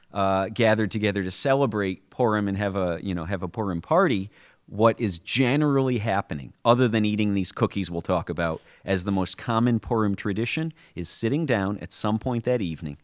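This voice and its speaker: Low-voiced man explaining at length. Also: brisk. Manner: explanatory, storytelling with frequent restarts. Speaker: podcast co-host. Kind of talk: conversational explanation.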